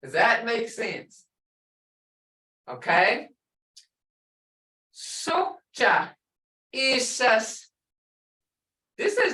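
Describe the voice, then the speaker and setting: A woman's voice: on the high side, sing-song, very slow, long pauses, bright, forceful tone, reverberant, recorded from a distance, poor audio. A woman language instructor teaching a class, playful, laughing often and repeating phrases.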